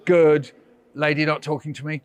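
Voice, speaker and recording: A man's voice: fairly high pitch, flat delivery, normal speed, smooth. A man, a visiting author, running a playful storytelling workshop for children and coaxing them with questions.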